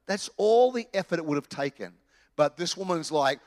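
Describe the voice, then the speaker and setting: Australian pastor with a high, ringing voice. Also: male voice, moderate pace. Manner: animated, conversational preaching with humor. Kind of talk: sermon. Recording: reverberant church hall.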